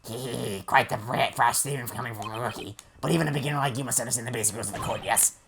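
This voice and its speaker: A man reading a gravelly, smug old prosecutor. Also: mid-range voice, fairly even intonation, fairly bright tone, slight background noise. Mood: condescending. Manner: patronizing, slow chuckle. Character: smug older male prosecutor, condescending.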